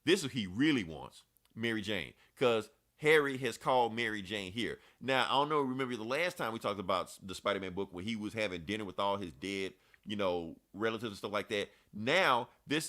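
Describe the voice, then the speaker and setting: A man's voice: lowish voice, lively intonation, normal speed, a bit bright. A man hosting a podcast, recapping a comic book in a loose, profane, chatty way. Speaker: podcast host. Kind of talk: casual comic book review chat.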